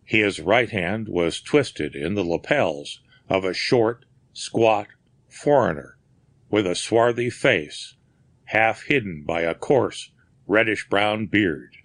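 Male audiobook narrator, slow and deliberate, bright tone, dry sound. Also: fairly low pitch, expressive, no room sound. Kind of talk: scripted narration.

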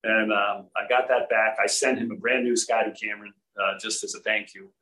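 A man with a slightly low voice tells golf stories in an easy, rambling way. He is from Rhode Island and once played on tour. He talks like a guest in a casual chat. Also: fairly quick, poor audio. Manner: relaxed anecdotal, frequent restarts. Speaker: former tour golfer, guest.

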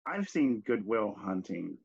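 A man's voice: lowish voice, very animated, measured pace, creaky, a little mellow, breathy edge, no echo. Guy hosting a chill podcast, reflective stories, dry muffled lo-fi sound. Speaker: podcast host. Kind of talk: casual chat.

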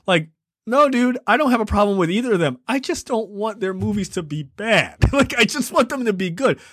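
A man's voice: high voice, animated, brisk, fairly bright tone, breathy edge, no room sound, studio quality. A man co-hosting a podcast in casual chat, rambling and emphatic, often laughing. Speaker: podcast co-host.

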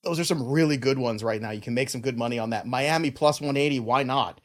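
A man hosting a sports podcast, casually running through stats and betting picks. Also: mid-range voice. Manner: quick run-through of stats, laughs easily. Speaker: podcast host.

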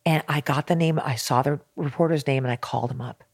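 A woman's voice: low voice, fast, vocal fry, no echo, studio quality. A middle-aged woman, a singer and interview guest, tells her story candidly and with emphasis. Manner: frank and emphatic, acts out quoted exchanges.

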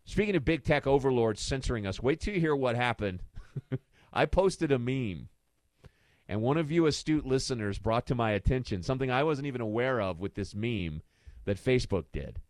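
A man's voice: mid-range voice, animated, moderate pace, no room sound. A man hosting a talk radio show, delivering an impassioned, rhetorical monologue and hammering home his points with repeated questions from a studio microphone.

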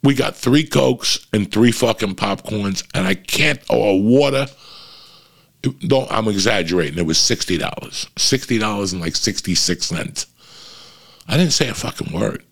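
A man's voice: fairly low pitch, moderate pace, vocal fry, fairly bright tone. A man telling a story in an exasperated, profane rant, swearing constantly and acting out what he and others said. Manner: storytelling with quoted asides. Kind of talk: profane ranting monologue.

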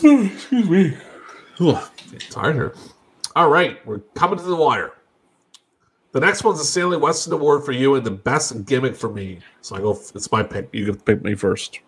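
Husky, blunt, profane man ranting. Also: medium pitch, animated, normal speed. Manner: swings between mumbling asides and loud outbursts. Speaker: podcast co-host. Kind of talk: casual chat.

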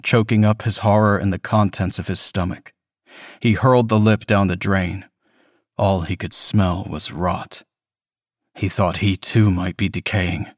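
A man reading a horror story as scripted narration, measured and even. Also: deep voice, dry recording, studio quality. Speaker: reader.

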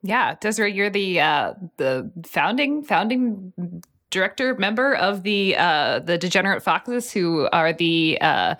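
A woman hosting a podcast, chatting in a relaxed way and introducing her guest. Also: fairly low pitch, a little slow. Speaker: podcast host. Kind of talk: casual conversation.

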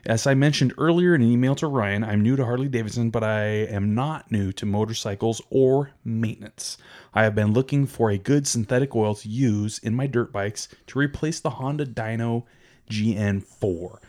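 A man's voice: mid-range voice, moderate pace, a little mellow. A man co-hosting a podcast, chatting casually and reading listener emails aloud with little asides. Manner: easygoing, reads with little asides. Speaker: podcast co-host.

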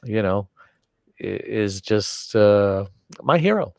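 An older American man telling stories as an interview guest, animated and acting out the dialogue in voices. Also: lowish voice, slow, vocal fry, no room sound, clean studio sound. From United States. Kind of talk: casual storytelling.

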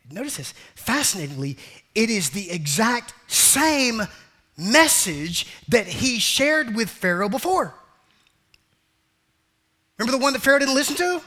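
A pastor with a high, sharp-toned voice preaches a sermon. He repeats his points and phrases, calls his listeners family and beloved, and acts out jokey quotes.

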